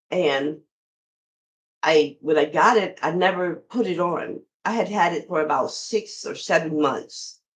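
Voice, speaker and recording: A woman's voice: on the low side, rough recording. A middle-aged woman hosting a podcast, telling a personal story in a conversational way and talking straight to her listeners. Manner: conversational, addresses listeners directly. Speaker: podcast host.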